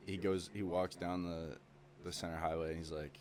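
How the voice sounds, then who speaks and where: Low-voiced young man swearing casually. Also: level tone, normal speed, darkish tone, a little hiss or hum. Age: young adult. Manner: swears constantly, rambling with many fillers. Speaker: podcast guest. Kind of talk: casual chat.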